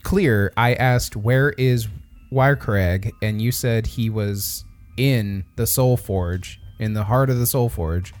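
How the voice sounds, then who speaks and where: A man's voice: lowish voice, takes it slowly, darkish tone, soft background music. A man playing a tabletop role-playing game, arguing emphatically in character. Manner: emphatic, argumentative. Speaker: player.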